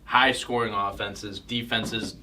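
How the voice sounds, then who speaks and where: A man's voice: lowish voice, fairly even intonation, takes it slowly, bright, forceful tone, slight background noise. A young man co-hosting a casual sports betting podcast, rambling and self-mocking while he eats. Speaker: podcast co-host.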